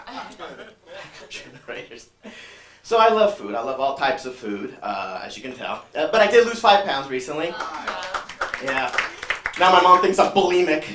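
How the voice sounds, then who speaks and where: High, bright punchy stand-up man. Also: reverberant. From San Francisco, California. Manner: loud, punchy, crowd-working delivery. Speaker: stand-up comedian. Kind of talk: stand-up comedy. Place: small comedy club stage.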